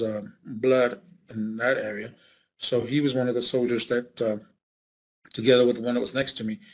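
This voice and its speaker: Husky-voiced man, halting veteran recollection. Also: mid-range voice, rough recording. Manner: halting, many fillers and restarts. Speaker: veteran recounting service. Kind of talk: oral history interview.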